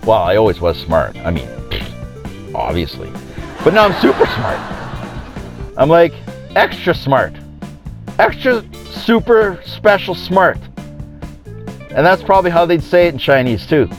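A man's voice: medium pitch, sing-song, normal speed, pauses often, soft background music. A man hosting his own podcast, talking in a rambling, opinionated way and chuckling at his own jokes. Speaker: podcast host. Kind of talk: casual opinionated monologue.

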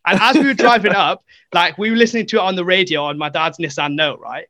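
A man's voice: high-pitched, fast, no room sound. A young man guesting on a podcast, telling a story casually, acting out quotes with lots of fillers. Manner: animated, acts out quotes, many fillers.

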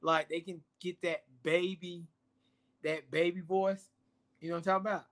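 High, bright-voiced man asking questions. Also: little pitch movement, normal speed. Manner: curious, leading the questions. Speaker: podcast co-host asking questions. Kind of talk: casual chat.

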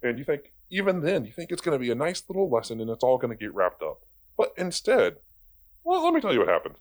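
A man's voice: mid-range voice, wildly swooping pitch, fast. A young man giving profane, exasperated commentary in a sarcastic, casual rant. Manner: sarcastic, exasperated, swears freely. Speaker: video commentator.

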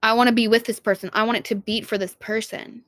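A woman's voice: on the high side, little pitch movement, fast, a bit bright, no room sound. A young woman vlogging in a casual, heartfelt monologue, rambling and restarting her sentences and swearing casually.

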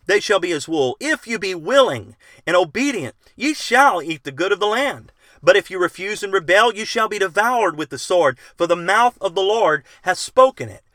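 Bright-voiced earnest male preacher. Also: sits high, no room sound, studio quality. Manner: earnest, explains scripture with questions and read quotations. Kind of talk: bible teaching sermon.

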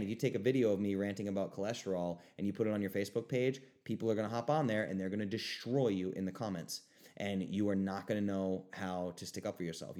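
A young man hosting his own podcast, ranting emphatically and swinging between loud outbursts and quieter asides. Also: fairly low pitch. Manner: animated, emphatic ranting with mocking voices. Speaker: podcast host. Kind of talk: solo podcast rant.

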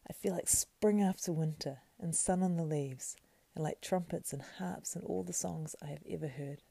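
A woman's voice: lowish voice, moderate pace, gravelly, dark tone, slightly rough, no echo. A woman voicing a cheerful, homely young male hobbit servant who talks eagerly and plainly, in a storybook reading. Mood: joyful. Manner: eager, plain-spoken, country folksy.

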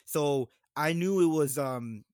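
A man's voice: a little high, takes it slowly, darkish tone, no echo, studio quality. Man casually telling haunt stories. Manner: laid-back storytelling with frequent laughs. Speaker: podcast co-host. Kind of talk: casual chat.

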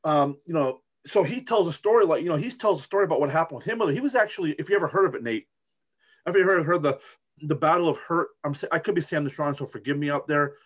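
A man's voice: fairly high pitch, quick pace. A middle-aged man from the United States chatting casually as a co-host, rambling with many restarts and fillers. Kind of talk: casual chat.

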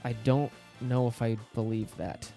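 A man co-hosts a relaxed podcast chat in a middle-range voice, upbeat and explanatory. He runs a quiz with a playful, teasing edge. Soft music plays faintly underneath. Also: mid-range voice, measured pace. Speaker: podcast co-host.

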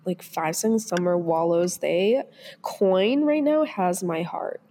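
A woman's voice: lowish voice, lively intonation, a little slow, mellow. A young woman co-hosting a podcast in casual chat, enthusiastic and chatty about the artists she loves. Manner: enthusiastic, chatty fan talk. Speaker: podcast co-host.

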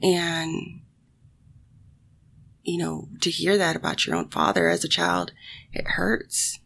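A woman with a low, gravelly voice speaks slowly and unhurriedly. She tells a personal story to her audience in a casual, halting way, full of fillers, restarts and frequent swearing, with sighs along the way. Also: big pitch swings, a bit bright, slight background noise. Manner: emotional, sighing. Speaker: solo vlogger talking to her audience.

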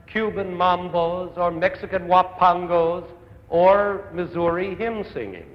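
An enthusiastic man lectures on music from the stage of a large concert hall. His voice sits a little high and carries a long reverb. The sound is dull and lo-fi, like an old broadcast. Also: a little slow. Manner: eloquent, enthusiastic, declamatory. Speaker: conductor and music educator. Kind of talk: lecture to a young concert audience.

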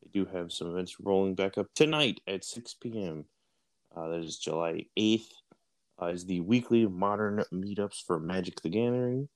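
A man's voice: low voice, normal speed. A man, co-hosting a radio show and reading a sponsor ad in a laid-back way. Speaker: radio co-host. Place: radio studio.

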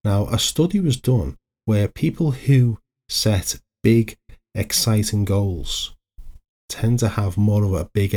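A man's voice: low-pitched, warm tone. A middle-aged man, hosting a solo motivational podcast in a chatty, anecdotal way that wanders into side stories. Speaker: podcast host, life coach.

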